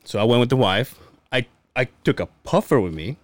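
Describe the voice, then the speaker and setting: A man chatting on a podcast, swinging his pitch widely as he acts out everyone in his stories. He curses casually and keeps things loose. The sound is close and dry, with no room echo. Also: brisk. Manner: animated storyteller acting out quoted dialogue, swears freely. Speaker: podcast co-host.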